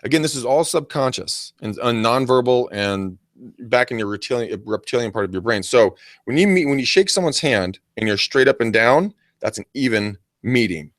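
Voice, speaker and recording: A man co-hosting a casual coaching chat, animated and acting out silly greetings as he talks. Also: medium pitch, moderate pace, no room sound, clean studio sound. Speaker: podcast co-host.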